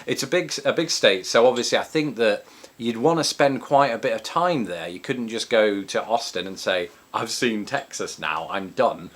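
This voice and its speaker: A man's voice: fairly low pitch, animated, moderate pace. An Englishman with an English accent, chatting casually as a vlogger answering viewer questions, with many ums and restarts. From England. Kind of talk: casual chat. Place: home in Chicago.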